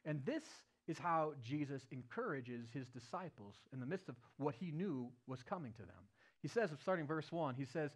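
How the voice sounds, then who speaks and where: During a church service, a male preacher brings a story to life in his sermon, shifting from booming stretches to quiet, low moments. He speaks at a moderate pace with a sing-song lilt.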